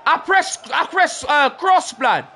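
A young man, reacting loudly to a football video game he is playing, swinging from low muttering to shouting. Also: big pitch swings, takes it slowly. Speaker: gaming streamer. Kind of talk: reactive gameplay commentary.

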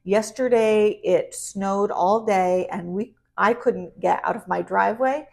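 A woman from Vermont chats to her viewers as a vlog host. She sounds upbeat and inviting, and her voice sits at a medium pitch. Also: measured pace, gravelly, a little mellow. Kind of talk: casual talk to camera.

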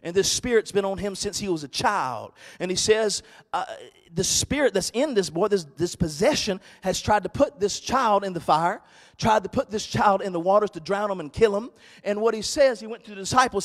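A male pastor preaching a sermon, swinging from loud, shouted exhortation to quiet, hushed storytelling. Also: high-pitched, expressive, a little fast, long reverb tail.

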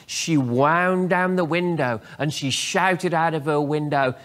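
A man, a pastor preaching a sermon. He acts out quoted prayers and dialogue with lively swings in delivery. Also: a little high, moderate pace, few pauses.

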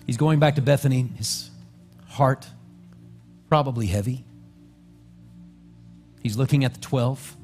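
A man's voice: medium pitch, measured pace, long pauses. Man preaching with vivid storytelling. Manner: storytelling, acting out scenes. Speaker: pastor. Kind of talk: sermon. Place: church sanctuary. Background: soft music.

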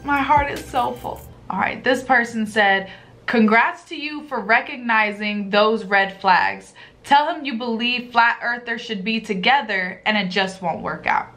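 Bright-voiced animated woman vlogger. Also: fairly high pitch, a little slow, faint music behind. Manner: animated, profane, jokey, reads comments aloud. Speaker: vlogger reading advice replies. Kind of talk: casual reaction vlog.

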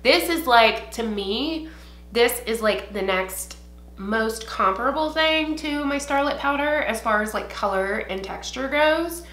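A woman's voice: fairly high pitch, expressive, measured pace, fairly bright tone, echoey room. A young woman from Ohio doing a get-ready-with-me beauty vlog at home, rambling and swearing casually with lots of fillers. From Ohio, USA. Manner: chatty, profane, rambling with many fillers. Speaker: beauty vlogger. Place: home, indoors.

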